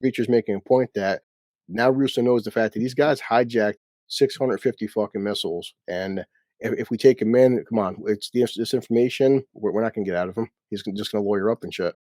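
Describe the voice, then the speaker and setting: A man's voice: on the low side, brisk, a little mellow, no room sound. A man hosting a casual show, retelling scenes in a rambling, profane way. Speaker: podcast host recapping a TV episode. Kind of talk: casual chat.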